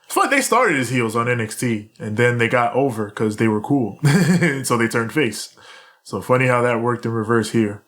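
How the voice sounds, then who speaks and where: A man's voice: mid-range voice, normal speed. Laughing man recapping wrestling. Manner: laughs often, animated retelling with quoted lines. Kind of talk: casual podcast chat.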